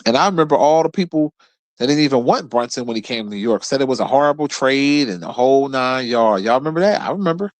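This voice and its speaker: A man's voice: medium pitch, lively intonation, fast talker, no echo. A man hosting his own show, ranting about basketball in a blunt, profane, trash-talking way. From Philadelphia area. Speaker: host. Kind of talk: casual sports rant.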